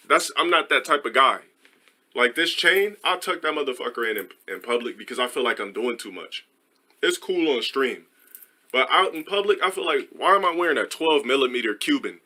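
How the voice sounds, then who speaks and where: A man streamer telling a story in a rambling, profane, animated way. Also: medium pitch.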